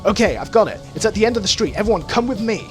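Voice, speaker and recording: Play a brash young orc girl as a man reading her lines, blunt and sneering, voice leaping high when she panics. Lively delivery over game music. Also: rapid-fire. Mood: urgent. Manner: blurting, sneering, panicked shouts. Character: frantic young female orc shadowrunner.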